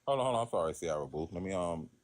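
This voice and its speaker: A man's voice: sits low, animated, very fast, a crowd in the background. A man, bantering in a casual, provocative and flirty way on a livestream. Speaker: guest caller in a livestream debate.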